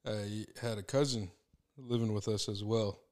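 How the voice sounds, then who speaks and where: A man's voice: fairly low pitch, steady tone, moderate pace, darkish tone. A young man co-hosting a podcast, telling a story in loose, rambling casual chat and laughing often. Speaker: podcast co-host.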